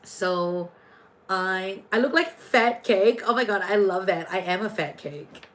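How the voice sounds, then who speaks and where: A woman's voice: medium pitch, unhurried, fairly bright tone, rough recording. A woman hosting a casual astrology and tarot livestream, chatty and playful, jumping between viewer comments.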